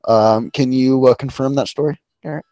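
A man's voice: medium pitch, normal speed, mellow, dry recording, highs cut off. A man co-hosting a casual sports betting chat, rambling and profane with lots of fillers. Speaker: podcast co-host.

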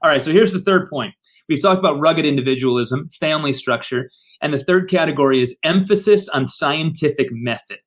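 A man's voice: fairly high pitch, fairly quick, lo-fi sound. A man co-hosting a podcast, talking in an earnest, firm and emphatic way. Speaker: podcast co-host. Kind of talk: casual discussion.

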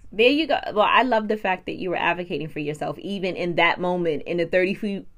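A woman interviewing her guest in an encouraging, affirming way. She speaks a little low in pitch and checks in with short follow-up questions. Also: fast, fairly bright tone. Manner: supportive, affirming. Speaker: podcast host, doula.

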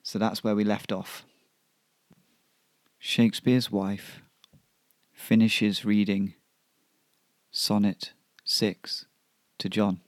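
A man narrating a comic serial story in a deadpan, unhurried way. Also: on the low side, no room sound.

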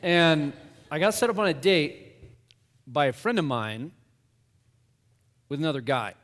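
Pastor telling a story in a hall. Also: male voice, a little high, big pitch swings, unhurried, fairly bright tone. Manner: conversational, self-deprecating storytelling. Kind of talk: storytelling talk to an audience.

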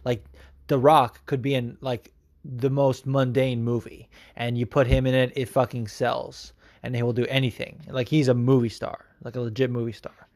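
A man's voice: medium pitch, flat delivery, normal speed, darkish tone, no room sound, clean studio sound. A young man hosting a podcast, chatting casually and answering listener messages, rambling and cursing as he goes. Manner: rambling and profane, swings from mumbling to hyped. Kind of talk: casual chat.

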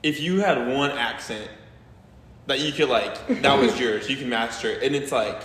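A young man guesting on a casual podcast, animated and full of "like". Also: medium pitch, normal speed. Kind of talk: casual chat. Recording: echoey room with long reverb, faint noise.

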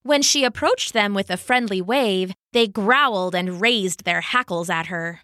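A woman narrating a scripted children's story as the podcast's storyteller, telling it slowly and with many acted voices. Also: medium pitch, bright, forceful tone, dry recording, clean studio sound.

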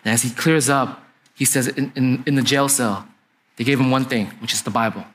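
There's a little hiss or hum behind this young adult pastor's mid-range, fairly bright voice as he speaks fairly quickly. His sermon unfolds like a conversation, with frequent "right?" check-ins to the congregation.

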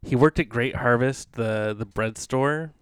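Man, casual podcast chat, rambling storyteller, smooth voice, dry close sound. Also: mid-range voice, a little slow, fairly bright tone, no room sound. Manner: rambling storyteller, many fillers and restarts. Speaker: podcast co-host.

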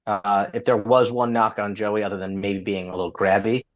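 A man co-hosting a podcast, giving his take on sports in a relaxed, matter-of-fact way. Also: fairly low pitch, moderate pace. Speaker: podcast co-host. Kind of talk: casual sports chat.

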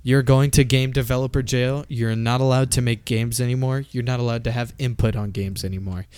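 A man's voice: medium pitch, fairly even intonation, brisk, a little mellow, smooth, dry recording. A man chatting casually about video games, swearing freely and laughing often. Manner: profane, ranting, laughs often. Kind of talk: casual gaming chat.

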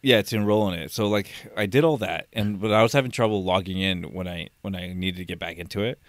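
A man with a somewhat low voice tells a work story in casual chat, stumbling and restarting as he goes. He swears freely and laughs along with his own anecdote. The sound is dry and close. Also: fast talker, no room sound. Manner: rambling storyteller, many restarts, laughs while telling, swears. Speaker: office worker.

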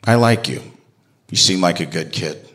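A gruff middle-aged army sergeant father, blunt and profane, speaking in a low, heavy voice, as a man puts him on while telling a story. He sounds tough and plainspoken, the kind of man who levels with you. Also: moderate pace, a bit bright. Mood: gruff, candid.

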